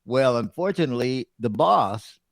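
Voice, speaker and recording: A man's voice: mid-range voice, lively intonation, moderate pace, creaky, no echo, studio quality. A middle-aged man and radio show host, casually telling a story and acting out the other people's lines.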